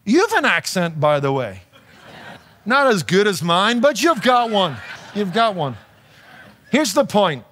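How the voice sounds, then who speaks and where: A man's voice: sits high, big pitch swings, measured pace, pauses often, a bit bright. A middle-aged man with an Irish accent preaching a sermon in a conversational way, with rhetorical questions and light humor. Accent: Northern Irish. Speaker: pastor.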